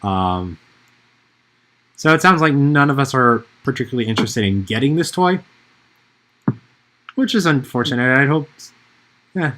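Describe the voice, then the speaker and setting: A man hosts a casual podcast segment with a mid-pitched, ordinary voice. He rambles and hesitates, leaning on fillers between thoughts. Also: animated, moderate pace, long pauses, pushed and bright. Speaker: podcast host. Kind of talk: casual chat.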